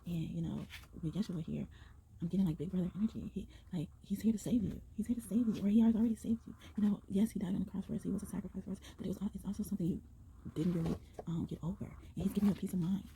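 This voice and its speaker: Fast-talking woman reading tarot. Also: medium pitch, creaky, a little hiss or hum, low-quality recording. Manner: excited, rambling, sprinkled with exclamations and slang. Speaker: tarot reader. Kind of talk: casual channeled tarot reading to viewers.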